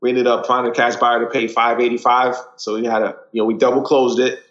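A man's voice: mid-range voice, flat delivery, quick pace, a bit bright. A man with a mid-range voice, speaking as a guest in a casual interview. He lays out facts and figures in a matter-of-fact way. The room echoes and the sound is a little dull. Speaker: guest, real estate investor.

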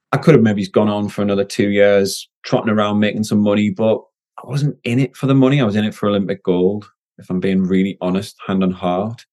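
A middle-aged man, a guest telling his story in a casual interview, energetic and candid. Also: fairly low pitch. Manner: energetic and candid, frequent restarts. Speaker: guest, former Olympic swimmer and business owner.

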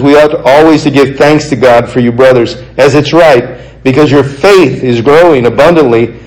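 A man preaching a sermon, reading scripture passages aloud and explaining them in an earnest, conversational way, slowing down to stress key points. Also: mid-range voice, darkish tone, low-quality recording. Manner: earnest, conversational, slows for emphasis.

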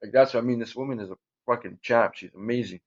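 A man's voice: mid-range voice, fast talker, muffled recording. A man telling a long story in casual chat, swearing constantly, using street slang and rambling through fillers.

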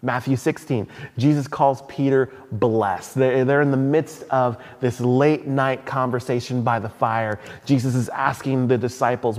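A man's voice: mid-range voice, fairly even intonation, moderate pace, hardly any pauses, darkish tone. A man preaching a sermon in a church hall, conversational, with asides and restarts. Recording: long hall reverb.

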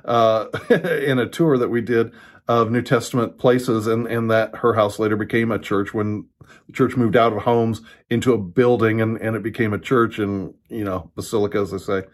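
A man giving an earnest Bible teaching from his home, quoting verses and often pausing to restart his sentences, recorded on a computer or phone. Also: fairly low pitch, fairly even intonation. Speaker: pastor. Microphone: computer or phone camera.

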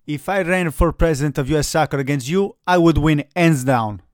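A man with a foreign accent, calm and drily skeptical, co-hosting a casual soccer chat. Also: on the high side, brisk, no room sound, studio quality. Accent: non-American. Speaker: soccer podcast co-host.

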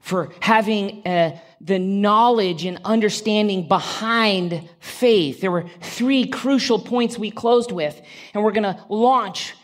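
A woman's voice: mid-range voice, slow. A woman preaching a sermon to a congregation in a church. She talks in a conversational way, with direct questions to the listeners and dry humorous asides.

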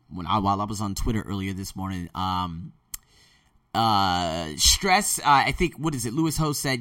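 A man's voice: medium pitch, fairly bright tone, no room sound, recorded from a distance. A man hosting a podcast, rambling energetically through a blunt motivational monologue. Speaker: podcast host.

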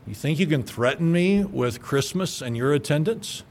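A pastor preaching a radio sermon, forceful and emphatic, stumbling over repeated words as he builds up. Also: on the high side, animated, normal speed, a little hiss or hum.

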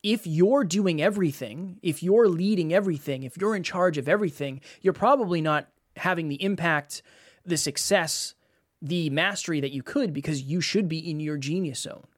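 Man, podcast host, energetic, rhetorical questions, slightly high voice, dry sound. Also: moderate pace, dry recording. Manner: energetic, uses sports examples, asks rhetorical questions. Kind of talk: casual podcast chat.

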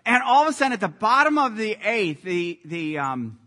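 Male pastor, sermon, high, bright voice, animated storyteller. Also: moderate pace, big-room sound. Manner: animated storytelling with lively sports anecdotes.

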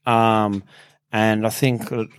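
Low-voiced calm male host. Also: clear, resonant tone. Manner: calm, short backchannels, measured advice. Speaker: podcast host. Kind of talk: casual interview.

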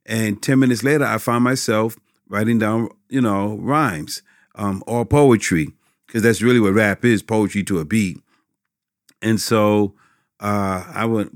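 A man's voice: lowish voice, normal speed, no room sound, studio quality. A man hosting a podcast, chatting casually and telling a story in a folksy way, with plenty of fillers. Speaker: podcast host.

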